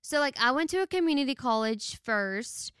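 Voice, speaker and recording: A young woman co-hosting a podcast, chatting casually and rambling with lots of fillers and quick laughs. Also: high voice, expressive, a bit bright, clean tone, no echo, studio quality. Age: young adult. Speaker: podcast co-host. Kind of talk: casual chat.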